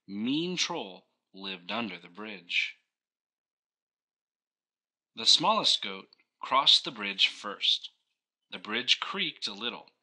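A man narrates a children's storybook in a slow, expressive read-aloud. His voice is very bright and forceful, and his pitch rises and falls in an animated way. He takes his time over every line. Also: poor audio. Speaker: storybook reader.

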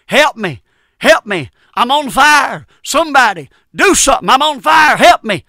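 A man's voice: very high voice, lively intonation, a little slow, pushed and bright, dry recording, shouting, studio quality, voice pushed up, heavily acted. A man preaching, voicing a young man burning alive who screams frantic pleas for help. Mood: screaming desperate. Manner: frantic repeated pleading.

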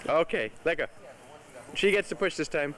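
A man's voice: fairly high pitch, lively intonation, moderate pace, a bit bright. A man filming a home movie outdoors in a suburban backyard, narrating casually and directing and cheering the children as they play. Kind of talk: casual narration behind the camera. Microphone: camcorder's built-in mic. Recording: camcorder audio with party chatter. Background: chatter of a backyard party crowd.

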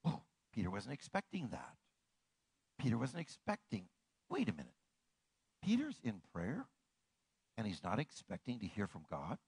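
A man pastor delivering a sermon in an animated way, swinging from hushed, slow passages to ringing declarations. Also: on the low side, creaky, husky, no echo, rough recording.

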